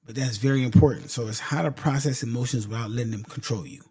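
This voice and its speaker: Mellow-voiced man giving an emphatic pep talk. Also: medium pitch, fast talker, slightly rough, no echo, clean studio sound. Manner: emphatic, repeats points for stress; casual, addresses listeners directly as y'all. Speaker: podcast host. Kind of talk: motivational talk to listeners.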